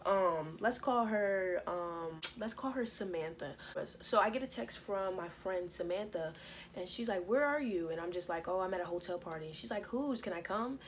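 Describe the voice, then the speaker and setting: A young woman casually telling a personal story to her viewers, profane and lively, acting out what everyone said. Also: on the low side, moderate pace, slight background noise, low-quality recording. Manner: animated, profane, acts out quotes. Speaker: storytime vlogger.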